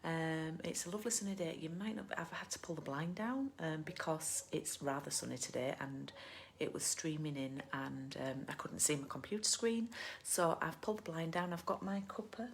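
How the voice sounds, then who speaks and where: Chatty low-voiced British woman, gravelly. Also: moderate pace, slight background noise. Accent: British English. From United Kingdom. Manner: chatty and rambling, with frequent ums and asides. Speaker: craft demonstrator hosting a live stream. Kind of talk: casual chat and card-making demo. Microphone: laptop or phone camera mic.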